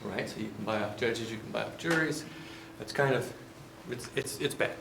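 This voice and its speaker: A male business professor, lecturing through a folksy, joking story. His voice sits at a middle pitch and moves in a relaxed conversational way, with a faint steady hiss behind it. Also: moderate pace, creaky.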